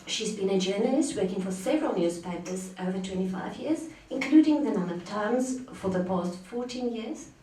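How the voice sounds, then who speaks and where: A woman's voice: medium pitch, moderate pace, hardly any pauses, slight background noise. Woman host with a roomy, distant sound. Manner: relaxed, chatty, laughs easily. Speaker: event host. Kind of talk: introducing a speaker. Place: bookshop. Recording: roomy, from far off the mic.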